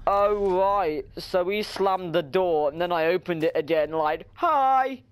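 A man's voice: high voice, steady tone, unhurried, clean tone. A young man commenting on a horror game, muttering nervously to himself and breaking into sudden startled shrieks. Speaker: gaming channel host.

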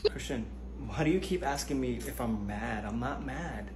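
A man's voice: mid-range voice, normal speed, close to an everyday voice. A man playing a nagging, passive-aggressive young wife in a comedy sketch who keeps insisting she is not mad. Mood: sulking. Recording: echoey room, distant mic, background noise.

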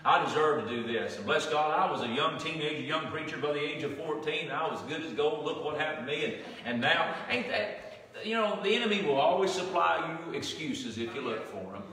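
A man's voice: a little high, lively intonation, a little fast, sharp tone. A man with a Southern US accent preaching a sermon as pastor, folksy and conversational, often restarting his sentences. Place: church sanctuary. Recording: echoey hall from far off.

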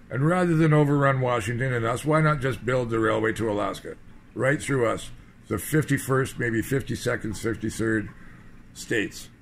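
A man's voice: medium pitch, creaky, a bit bright, a little hiss or hum. A man from British Columbia giving a rambling, sardonic political monologue in loose fragments. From British Columbia, Canada. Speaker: political commentator.

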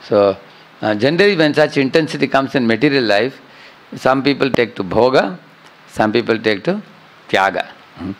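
A man's voice: medium pitch, low-quality recording. A middle-aged man teaching a scripture class, often checking with listeners by asking "huh?" and "correct, no?". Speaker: spiritual teacher.

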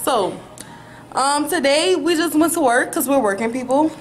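A woman's voice: sits high, moderate pace, a little hiss or hum, rough recording. A young woman vlogging at home, chatting upbeat to the camera about her plans. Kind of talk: casual chat to camera. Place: at home, indoors. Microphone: handheld camera.

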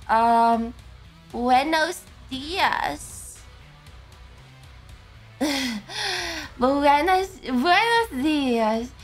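A woman streamer chatting casually with her viewers, sleepy and slurring her words. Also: high-pitched. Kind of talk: casual livestream chat.

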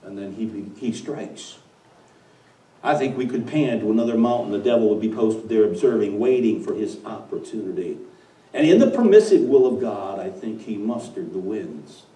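A man preaching a dramatic storytelling sermon, swinging from hushed to loud, recorded in a church. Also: lowish voice, animated, normal speed. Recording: echoey church from far off.

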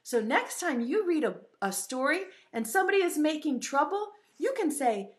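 A woman's voice: high voice, big pitch swings, normal speed, few pauses. A woman teaching an online preschool lesson in a sing-song, encouraging way, stretching out key words for young children.

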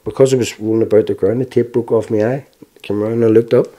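A man in his forties with a Belfast accent speaks in a low, mellow voice. He gives frank, plain-spoken testimony in an interview and often stops to restart his sentences. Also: steady tone, fast talker. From Northern Ireland. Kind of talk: personal testimony.

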